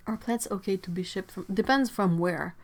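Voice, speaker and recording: A woman's voice: medium pitch, moderate pace. Chatty woman streaming from her studio. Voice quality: chatty, giggly, trails off into soft asides. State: stuffy nose. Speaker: livestream host. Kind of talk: casual livestream chat reading viewer comments. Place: home art studio.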